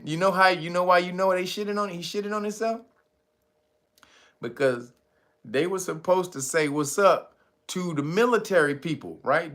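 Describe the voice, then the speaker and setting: A man's voice: mid-range voice, a bit bright. A man hosting a commentary show, talking about the news in a loose, slangy, joking way and often breaking into laughter. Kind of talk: casual profane news commentary.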